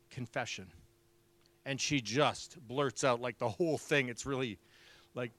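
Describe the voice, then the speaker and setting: A man preaching, telling a story with lively acted-out dialogue. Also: medium pitch, normal speed, no room sound. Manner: animated storyteller, acts out dialogue. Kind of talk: sermon storytelling.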